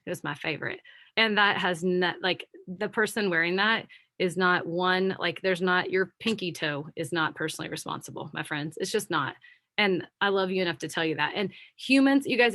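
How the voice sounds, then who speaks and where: A woman's voice: lowish voice, moderate pace, no echo, studio quality. A middle-aged woman giving a candid motivational talk on a video call, speaking to her listeners as friends. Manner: candid, preachy and animated, addressing listeners as friends. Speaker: guest speaker.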